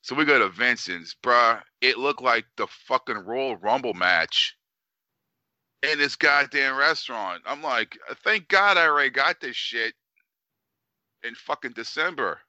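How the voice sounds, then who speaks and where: In a lo-fi recording with no echo, a medium-pitched podcast co-host speaks a little slowly, telling animated, casual stories full of swearing and acting out people's quotes.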